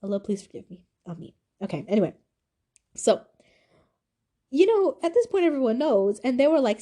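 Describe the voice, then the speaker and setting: Mellow-voiced young woman telling her story. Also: medium pitch, big pitch swings, moderate pace. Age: young adult. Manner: candid, rambling, full of "like" and "you know". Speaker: vlogger. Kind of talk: casual personal storytelling.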